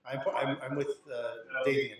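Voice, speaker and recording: A man's voice: medium pitch, flat delivery, moderate pace, close to an everyday voice. A man voicing a sly, secretive woman spy who speaks in a teasing, knowing way. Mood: explaining. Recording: echoey, off-mic.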